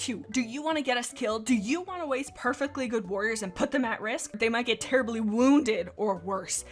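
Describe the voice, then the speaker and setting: Girl reading as a fiery warrior she-cat, loud, arguing back hard. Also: on the high side, normal speed, soft background music, natural voice. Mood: defiant. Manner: loud, indignant, confrontational. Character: defiant outspoken female warrior cat. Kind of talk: dramatic fanfic reading.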